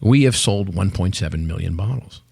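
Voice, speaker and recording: A man in his sixties, a company CEO and guest, telling stories in an animated way and acting out quotes. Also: sits low, moderate pace, creaky, breathy edge, no echo, studio quality. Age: 60s. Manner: animated storyteller, acts out quotes. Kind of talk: podcast interview chat.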